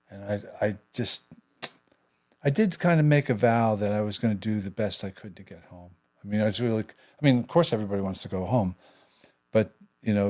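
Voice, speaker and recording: An older man telling a personal story in an interview, halting and reflective, his voice trailing off into quiet asides. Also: fairly low pitch. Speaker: guest, veteran actor and writer.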